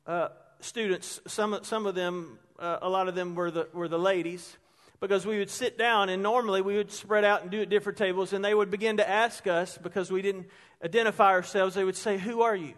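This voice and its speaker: A middle-aged man preaching a sermon as a pastor, telling stories with energy and dropping to a hush for emphasis. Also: high voice, moderate pace, few pauses. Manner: animated storyteller, drops to a hush for emphasis. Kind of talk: sermon with storytelling. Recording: long hall reverb.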